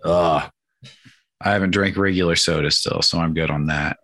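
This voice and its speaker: A man in his thirties talks in a very low voice with a bright, forceful edge. He rambles through casual podcast chat, swearing often and leaning on "like" fillers. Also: steady tone, moderate pace. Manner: rambling, profane, many "like" fillers. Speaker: podcast co-host.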